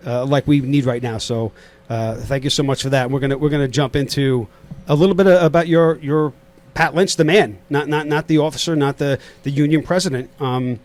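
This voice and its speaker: A middle-aged man from Queens with a New York accent, hosting a casual podcast interview and rambling with lots of fillers and restarts. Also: medium pitch. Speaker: podcast host.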